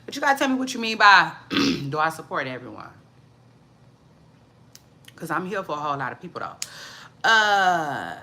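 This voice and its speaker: Lively gossip host, woman, bright voice with big pitch swings, drawling livestream chatter. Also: moderate pace. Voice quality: drawling, repeats catchphrases, calls listeners child. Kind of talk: casual celebrity gossip chat.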